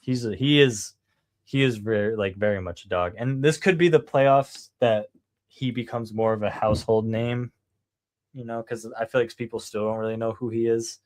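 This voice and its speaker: A podcast co-host chats casually about basketball at a moderate pace in a mid-range male voice, with no room sound. His sports talk is slangy and rambling, full of "bro" and swearing.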